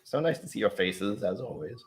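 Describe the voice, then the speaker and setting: A man's voice: fairly low pitch, expressive, moderate pace, slight background noise. A man hosting a livestreamed whiskey tasting from home, chatting in a playful, self-mocking way and laughing easily. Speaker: host.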